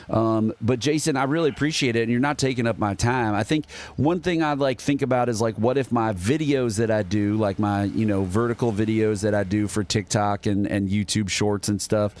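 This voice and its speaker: A man's voice: fairly low pitch, darkish tone. A man hosting a casual livestream, thinking aloud in long rambling sentences with restarts. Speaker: livestream host.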